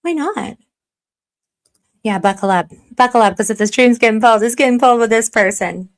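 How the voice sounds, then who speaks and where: Young woman rambling on her live stream, chatty and a bit self-mocking, keeps reading chat out loud. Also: fairly high pitch, fairly quick. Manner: chatty and self-deprecating, reads chat aloud, slips into mock stern warnings. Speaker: livestream commentary host.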